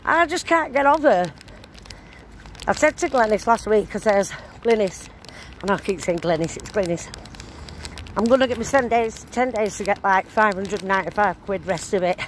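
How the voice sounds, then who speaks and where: An older woman talks in a loose, rambling way. She records on a phone as she walks outside. Clear traffic and street noise sit behind her voice. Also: medium pitch, expressive, a little fast. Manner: rambling, chatty, broad dialect. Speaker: vlogger. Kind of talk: casual chat while walking. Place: outdoors on a town street.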